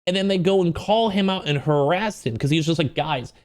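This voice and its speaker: Man, drama commentary host, casual, rambling, emphatic, slightly high voice. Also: brisk. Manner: rambling, filler-heavy, emphatic.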